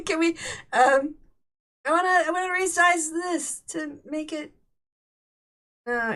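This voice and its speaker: A woman hosting a casual political livestream, chatty and halting. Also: a little high, fairly bright tone. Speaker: political commentary host.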